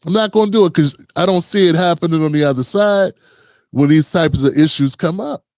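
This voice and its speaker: A man's voice: a little high, a little fast, darkish tone, dry recording, clean studio sound. A man hosting a commentary channel, talking casually and earnestly with many restarts and rhetorical questions.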